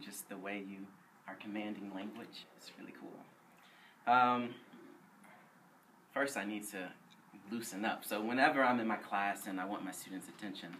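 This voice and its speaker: A man who teaches middle school, talking to a live audience and then performing a spoken word poem with rhythmic, measured delivery. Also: lowish voice, bright, forceful tone. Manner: playful, leads the crowd in call and response. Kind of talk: spoken word poetry reading at a live event. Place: live reading event. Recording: distant mic with faint room noise.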